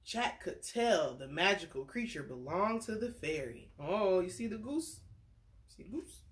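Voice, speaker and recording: A woman's voice: fairly low pitch, sing-song, unhurried, a little hiss or hum. A woman reading a bedtime story aloud, chatting playfully with young listeners between the lines. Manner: playful character voices for the story's figures.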